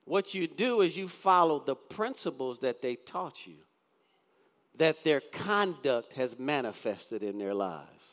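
A man's voice: mid-range voice, lively intonation, unhurried, a bit bright. A male pastor in his fifties preaching a sermon, often asking the congregation questions and reading scripture aloud. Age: 50s. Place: church sanctuary. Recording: long church reverb.

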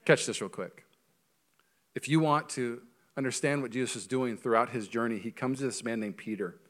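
A male pastor preaching a sermon in a church, animated and joking, with quick asides. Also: medium pitch.

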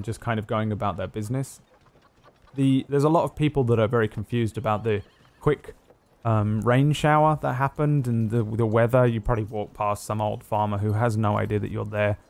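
Low-voiced man running a tabletop game. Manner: relaxed, rambling with many fillers. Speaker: game master.

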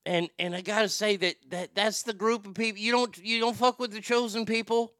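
Bright, crisp-voiced man riffing casually. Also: high voice, steady tone, a little fast, no echo, studio quality. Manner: rambling, sighing, swearing. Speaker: streamer reacting to clips. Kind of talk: casual commentary.

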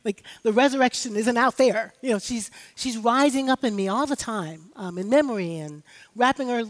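A woman's voice: fairly high pitch, normal speed. Woman pastor preaching a personal sermon. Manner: storytelling, personal and humorous, speaks directly to the congregation.

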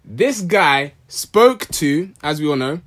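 A man with a fairly high voice, holding forth in casual podcast banter. He teases and lectures, leaning hard on each point for effect. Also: sing-song, takes it slowly, a bit bright. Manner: teasing, lecturing, dramatic emphasis.

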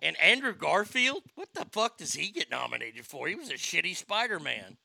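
A man's voice: fairly high pitch, very animated, normal speed, creaky, pushed and bright, dry recording. A man hosting a casual podcast chat, brash, joking and profane. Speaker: host.

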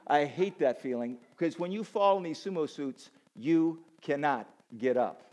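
A man giving a conversational, animated sermon to a college audience, using casual asides and self-deprecating humor. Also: a little high, normal speed. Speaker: campus chapel speaker. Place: college auditorium with a live audience.

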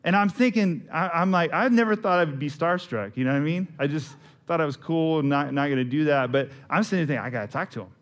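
A man's voice: a little high, fast talker. A man, preaching a sermon in a casual, storytelling way with asides to the congregation. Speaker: pastor.

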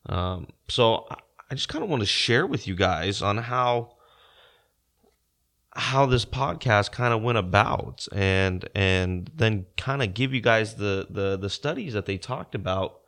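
A young man retelling a story to his listeners in casual talk, halting with many fillers and restarts. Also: fairly low pitch, lively intonation, a bit bright. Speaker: podcaster.

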